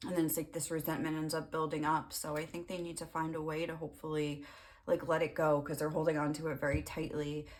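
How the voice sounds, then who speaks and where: Low-voiced woman rambling through a tarot reading. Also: flat delivery, quick pace. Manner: rambling, filler-heavy, emotional, swearing. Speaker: tarot reader. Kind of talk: casual tarot reading monologue.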